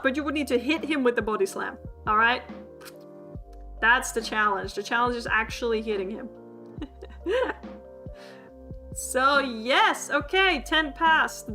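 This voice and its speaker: Woman, playful livestream lesson, giggly, sharp bright tone, high pitch. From Sweden. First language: Swedish. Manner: giggly, laughs often, playful and chatty with chat. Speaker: streamer teaching a language class.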